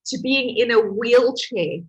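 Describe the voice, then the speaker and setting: A woman's voice: fairly high pitch, a little slow, slightly rough, lo-fi sound. A woman, a healing course coach giving a candid motivational talk, telling her story with emotion and confessional openness.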